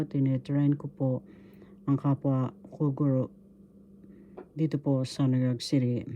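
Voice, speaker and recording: Woman from the Philippines, low dark voice, slow deliberate language teacher, syllable-by-syllable drilling. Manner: spells out words syllable by syllable, unhurried and devotional. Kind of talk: slow spoken language lesson.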